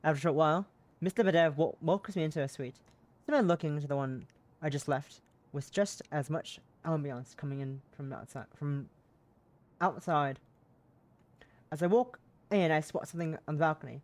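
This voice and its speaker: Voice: medium pitch, normal speed, dry recording. A streamer narrating a visual novel live, cursing and laughing at their own reading mistakes. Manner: swears freely, laughs at own slips.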